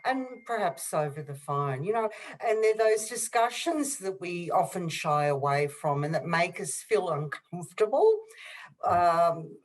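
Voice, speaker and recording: Low-voiced Australian woman explaining. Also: poor audio. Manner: explanatory, hesitant fillers. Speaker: panelist on conflict resolution. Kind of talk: webinar discussion.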